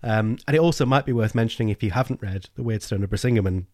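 A man's voice: lowish voice, fast talker, darkish tone, dry recording, clean studio sound. A man co-hosting a casual book discussion, who talks with enthusiasm and often restarts his sentences. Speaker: podcast co-host.

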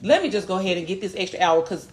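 A woman in her thirties co-hosting a podcast, chatting casually and telling animated stories with lots of swearing. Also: medium pitch, racing. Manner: animated storytelling, swearing freely. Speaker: podcast co-host. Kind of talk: casual chat. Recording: echoey room.

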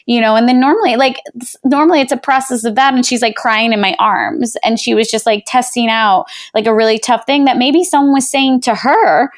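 A woman's voice: on the high side, brisk. A woman in her thirties, a parenting coach, talking earnestly and from the heart in a reflective podcast conversation, full of "you know" and "like.".

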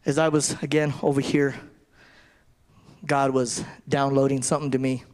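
A man's voice: medium pitch, level tone, moderate pace, a little mellow. A man giving a conversational sermon, often repeating and restarting his phrases. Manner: conversational preaching with repetitions and restarts. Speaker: preacher.

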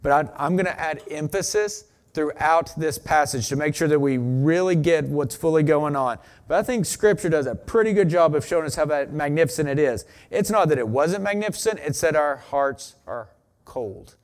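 A man preaching a sermon. He talks in a relaxed, chatty way and rises into emphatic reading of scripture. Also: on the high side, moderate pace. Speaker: pastor.

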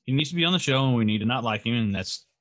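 A man's voice: mid-range voice, lively intonation, rapid-fire, a bit bright. An American man co-hosting a casual podcast, rambling with many fillers. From United States. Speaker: podcast co-host. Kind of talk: casual chat.

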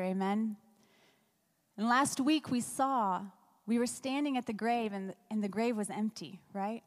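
A woman's voice: fairly high pitch, big-room sound. A woman pastor giving a conversational sermon, asking the congregation rhetorical questions.

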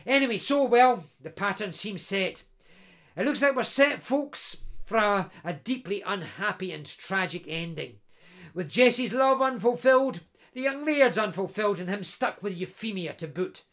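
Gravelly storyteller. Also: male voice, sits high, moderate pace. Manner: animated, chatty, addresses listeners as folks. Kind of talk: oral storytelling to an audience.

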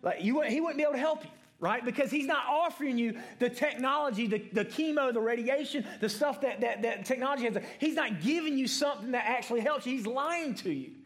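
High-voiced man preaching, chatty and questioning. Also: quick pace, few pauses. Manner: asks the room questions, ends points with "right?"; repeats words and restarts often. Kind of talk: conversational sermon to adults.

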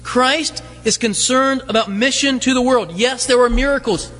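A man's voice: extremely high pitch, moderate pace, a bit bright, soft background music. A man preaching a sermon as pastor, conversational, full of rhetorical questions and light humorous asides. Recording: long hall reverb.

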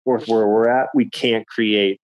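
A man's voice: fairly low pitch, fairly even intonation, unhurried, dry recording, highs cut off. A man chatting casually as podcast host, rambling and repeating words as he thinks. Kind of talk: casual chat.

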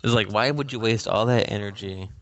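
A lower-voiced man telling a story on a casual podcast. He rambles, swears constantly and breaks into exasperated outbursts. The sound is close and dry. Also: a little fast, no echo. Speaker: podcast co-host. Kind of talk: casual chat. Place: gaming podcast recording.

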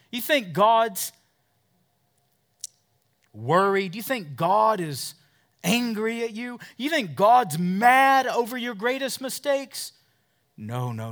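A male pastor preaching a fervent sermon, drawing call-and-response from the congregation and swinging between loud peaks and hushed asides. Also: high voice. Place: church service with a congregation.

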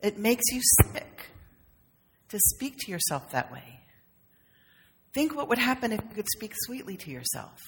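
A woman's voice: mid-range voice, big pitch swings, a little slow, pauses often, a little hiss or hum. Woman minister preaching in a reverberant sanctuary. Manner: conversational, humorous, with acted asides. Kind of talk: sermon. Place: church sanctuary.

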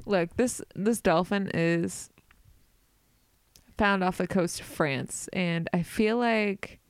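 A woman co-hosting a podcast in casual comedic chat, giving deadpan retorts and laughing a lot. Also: lowish voice, slow pace, clean tone, no room sound. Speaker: podcast co-host.

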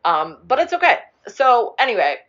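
A woman's voice: fairly high pitch, sing-song, moderate pace, a bit bright, dull audio. A young woman chatting casually, rambling through a movie plot, swearing now and then and acting out the characters' lines. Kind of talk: casual chat retelling a movie.

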